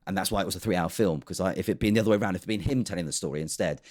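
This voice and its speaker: A man with a very deep voice, riffing in sarcastic, rambling comic commentary. He talks casually and loosely, and keeps circling back on himself. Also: very fast, darkish tone. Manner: sarcastic, rambling with fillers and restarts. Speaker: comedy show host.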